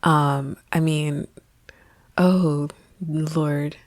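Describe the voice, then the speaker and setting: A woman spiritual coach musing in a reflective vlog monologue, often dropping to a soft half-whisper. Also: deep voice, steady tone, drawn-out words, dry recording.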